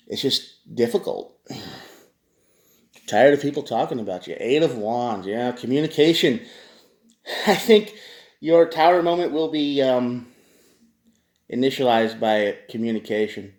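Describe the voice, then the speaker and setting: A man's voice: mid-range voice, a little slow, pauses often, a little mellow, echoey room. Man giving a casual tarot reading. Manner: conversational, addresses viewers directly, frequent restarts. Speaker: tarot reader.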